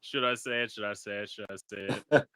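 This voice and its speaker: A man's voice: lowish voice, fairly even intonation, fairly quick, bright, forceful tone, no room sound, clean studio sound. A man hosting a casual podcast chat, blunt and profane, acting out quotes as he talks. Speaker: podcast host.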